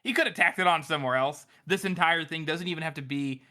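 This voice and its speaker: A man with a fairly high, bright, forceful voice, chatting loosely on a podcast. He laughs a lot and swears freely. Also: fast talker. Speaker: podcast co-host. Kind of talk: casual chat.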